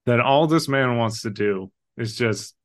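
A man's voice: medium pitch, a little slow. A man co-hosting a casual film discussion, earnest and emotional, swearing casually now and then. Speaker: podcast co-host.

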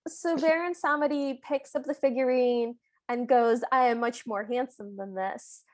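A woman's voice: a little high, fairly even intonation, normal speed, no echo. A woman co-hosting a podcast, retelling movie scenes in a chatty, amused way. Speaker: podcast co-host. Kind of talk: casual movie recap chat.

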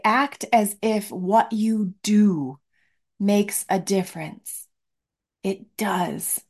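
A middle-aged woman hosting a podcast as a clarity coach, speaking in an earnest, reflective motivational monologue and slowing down to stress key words. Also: medium pitch.

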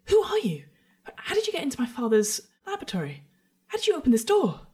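A frightened teenage girl in a tabletop game, her voice jumping high as she blurts out alarmed questions, put on by a woman. The pitch sits far above the performer's own low register. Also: wildly swooping pitch, fast talker, darkish tone.

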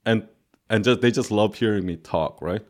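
A man with a somewhat low, calm voice talks on a podcast in a loose, rambling way. His speech is full of filler words, and listeners find the sound of him soothing. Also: normal speed. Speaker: podcast co-host. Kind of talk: casual chat.

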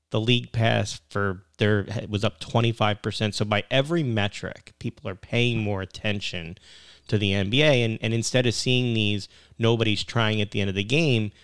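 Gravelly low-voiced sports radio host. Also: male voice, fairly even intonation, normal speed, a bit bright, no echo, clean studio sound. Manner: chatty, laughs often.

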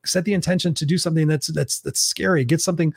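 An upbeat male host closes out his live show, thanking viewers one by one in a slightly raised voice. He sounds a little hoarse, as if his voice is going. The sound is dry and close, with no room around it. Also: fairly high pitch, fast talker, no room sound. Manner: upbeat, effusive, reads out viewer comments. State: losing his voice. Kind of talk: live-stream show wrap-up.

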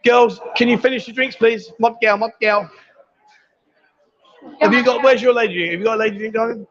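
Very high-pitched and a bit bright, this man talks fairly quickly with fairly even intonation. He's hosting a casual livestream from a busy bar with a pool table, chatty and teasing and calling everyone darling, with bar chatter in the background of the dull lo-fi audio.

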